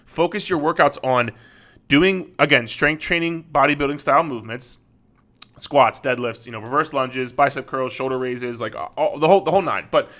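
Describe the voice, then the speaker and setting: A man's voice: medium pitch, normal speed, fairly bright tone. A man who works as a fitness coach, talking straight to the listener in an earnest solo podcast monologue.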